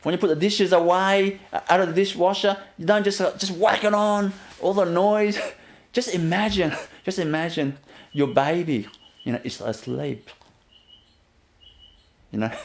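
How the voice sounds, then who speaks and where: A man giving a gentle inspirational talk as a spiritual teacher, often laughing softly and leaning on "you know" as he repeats himself. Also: fairly high pitch, normal speed, slight background noise. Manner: repetitive, fills with "you know".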